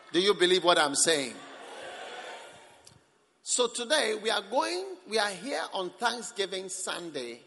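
A male preacher delivering a sermon at a church service, emphatic, with sudden swings between loud and soft. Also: high voice, in a large hall.

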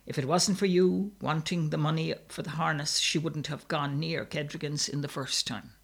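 A man voicing a rough, bullying older brother who barks commands. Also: on the high side, steady tone, moderate pace, fairly bright tone. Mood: gruff. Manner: gruff, commanding.

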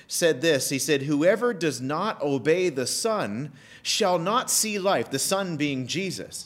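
A man preaching a sermon, emphatic and animated, repeating key phrases with pauses. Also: fairly high pitch. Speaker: pastor.

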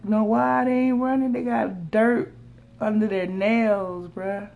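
A woman's voice: medium pitch, steady tone, unhurried, gravelly, a little mellow. A woman hosting a casual solo podcast, talking in slang, teasing her listeners and laughing often. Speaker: podcast host.

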